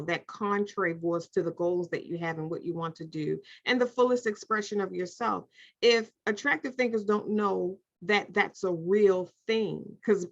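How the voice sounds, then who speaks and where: Soft-spoken woman host, lo-fi audio. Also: medium pitch. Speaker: podcast host. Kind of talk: casual interview. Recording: dull lo-fi audio.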